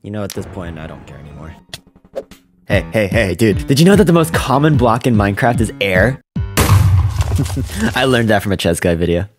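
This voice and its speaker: A man voicing his own cartoon character in excitable, quick reactions, full of surprised outbursts, over background music. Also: lowish voice. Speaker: host and animator of a game cartoon. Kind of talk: animated cartoon voice acting.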